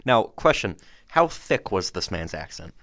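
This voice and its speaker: A man's voice: deep voice, big pitch swings, a little slow, a bit bright. A man co-hosting a casual soccer podcast, playful and teasing as he steers the talk. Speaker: podcast co-host. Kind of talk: casual sports chat.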